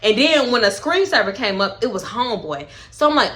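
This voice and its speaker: A young woman telling a story in a casual vlog, animated and profane, with dramatic retellings. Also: a little high, a little fast, few pauses. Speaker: storytime vlogger.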